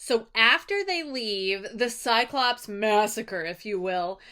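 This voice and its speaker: A woman teacher recapping a story in a casual, animated way, acting out the characters in quick asides. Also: a little high, clear, resonant tone.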